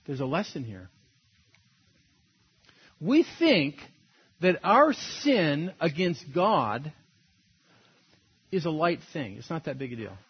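Husky, lively-voiced pastor preaching conversationally. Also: male voice, a little high, slow pace, long pauses, muffled recording. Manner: conversational, storytelling, laughs at own points. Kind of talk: sermon.

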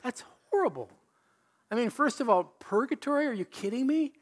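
A man preaching a sermon in an animated, conversational way, full of rhetorical questions. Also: very high voice, fairly quick. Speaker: pastor.

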